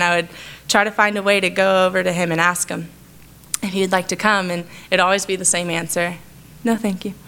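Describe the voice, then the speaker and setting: A woman's voice: mid-range voice, fairly bright tone, clear, resonant tone. A young adult woman giving a heartfelt personal testimony to her church, talking in an earnest, conversational way. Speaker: church speaker sharing a testimony.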